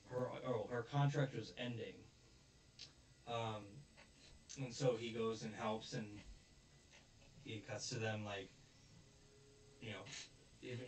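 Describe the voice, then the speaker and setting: A man's voice: fairly low pitch, roomy sound, far from the mic, slight background noise. Man rambling through an episode recap. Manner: rambling, chuckles often. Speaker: anime reviewer.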